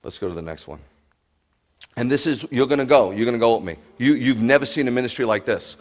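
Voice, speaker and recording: Male pastor, mid-pitch, animated storyteller working a congregation in a sermon. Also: fast talker. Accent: New York. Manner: animated, storytelling, asks the crowd questions.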